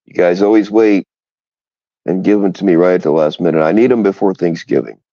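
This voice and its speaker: A man's voice: deep voice, a little fast, dark tone, no echo, dull audio. A man co-hosting a crude casual chat, rambling and frank, and he laughs often.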